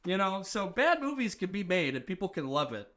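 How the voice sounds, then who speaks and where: A man in casual podcast chat, animated, acting out quoted dialogue and filling with "like". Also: high-pitched, a little fast. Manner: heavy use of filler "like".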